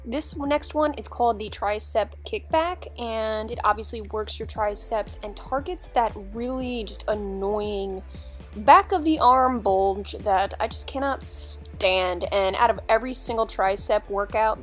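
A woman's voice: medium pitch, measured pace, faint music behind. A young woman talking through a dumbbell workout in a chatty, upbeat, instructive way, like a fitness vlogger.

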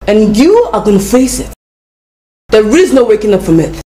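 A woman's voice: medium pitch, big pitch swings, normal speed, dark tone, natural voice. A woman with a Nigerian accent playing an exasperated young woman who scolds her friend in disbelief. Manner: scolding, incredulous. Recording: echoey room.

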